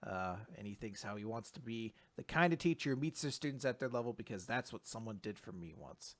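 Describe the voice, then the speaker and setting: A man co-hosting a podcast, recapping comics in casual chat, laughing often and acting out the characters. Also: fairly low pitch. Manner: animated, laughs often, acts out characters in quick voices. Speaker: podcast co-host.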